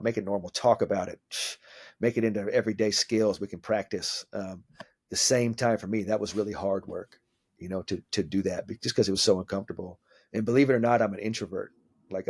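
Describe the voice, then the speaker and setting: A man in his forties with a lowish voice talks in a loose, animated way, cursing casually and slipping into quoted dialogue. He speaks as a coach in a relaxed podcast interview. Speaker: mental skills coach.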